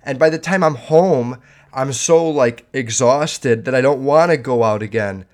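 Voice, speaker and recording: A man talking casually on his own podcast, with a voice of middling pitch. He rambles from thought to thought with plenty of swearing and filler words. He sounds frank and unguarded. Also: unhurried, darkish tone. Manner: rambling, profane, candid. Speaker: podcast host.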